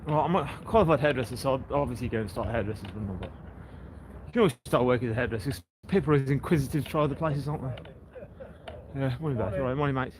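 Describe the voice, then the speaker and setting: Walking along a seaside breakwater outdoors, a man from England hosts a relaxed livestream and greets his viewers by name. He speaks fast in a medium-pitched voice, and background noise is audible.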